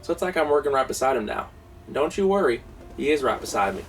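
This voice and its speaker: An actor playing a self-important small-time oil boss in a mockumentary comedy, folksy and boastful with a drawl. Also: male voice, mid-range voice, sing-song, fast talker, faint music behind. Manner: folksy, boastful, easily flustered. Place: cramped old camper. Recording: distant mic, noisy background.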